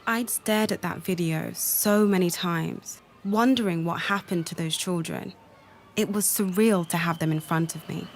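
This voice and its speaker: A woman narrating a documentary in measured, reflective scripted narration. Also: on the low side, a little hiss or hum.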